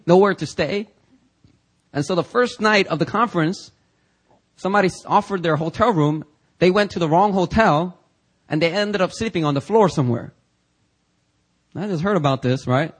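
A man's voice: high voice, a little fast, long pauses, breathy edge. A pastor preaching a sermon in a chatty storytelling way, with many fillers, often laughing at his own story. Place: church.

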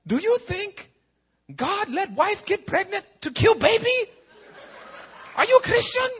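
A man putting on a high, insistent pastor. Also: big pitch swings, takes it slowly, fairly bright tone, full character voice. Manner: clipped broken English, emphatic and teasing. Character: insistent Chinese male pastor, broken English.

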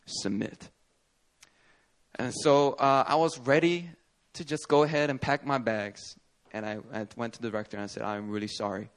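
A man preaching a sermon as pastor at a church service, telling stories with animated energy and acting out the people he quotes. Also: mid-range voice, brisk, clean tone.

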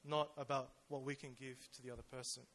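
Speaking fast with a medium pitch, a level tone, and a slightly bright quality, a young man gives a conversational sermon at church. He leans heavily on fillers and keeps asking his listeners rhetorical questions.

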